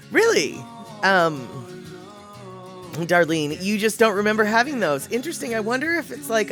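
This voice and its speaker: A woman's voice: fairly low pitch, fairly bright tone. Woman streamer, casual rambling chat, greets viewers, faint music underneath. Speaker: livestreamer.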